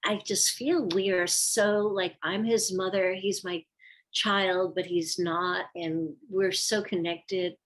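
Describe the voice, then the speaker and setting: A woman's voice: on the low side, takes it slowly. An older woman, a former ballet dancer, telling stories from her career in a casual interview, acting out the lines of people she quotes. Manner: animated storyteller, acts out quoted lines.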